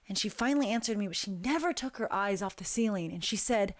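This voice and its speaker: A woman recounting a frightening dream in a slow, hushed, deliberate way with long pauses. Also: mid-range voice, lively intonation, no echo. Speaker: guest storyteller. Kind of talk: dramatic personal storytelling.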